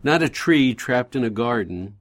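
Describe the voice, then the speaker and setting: A man hosts a Christian radio talk program in a gentle, pastoral voice at a middle pitch. He tells homey stories with a ready laugh and speaks slowly when offering encouragement. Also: expressive. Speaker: radio show host.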